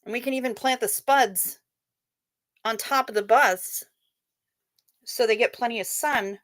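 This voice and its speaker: Speaking at a measured pace in a slightly high, fairly bright voice, a woman runs a casual livestream. She's chatty and playful, reading out viewers' messages and swearing casually, in clean studio audio with no room sound.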